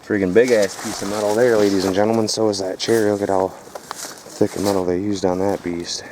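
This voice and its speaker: A man with a somewhat low voice narrates his own phone video outdoors, loose and profane, calling out to viewers as folks and boys. He sometimes sounds winded from hauling heavy junk. Faint outdoor noise sits under the recording. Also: little pitch movement, fairly quick. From Michigan. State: out of breath while hauling. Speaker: scrapping vlogger. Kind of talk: casual vlog narration. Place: outdoors at a rural property.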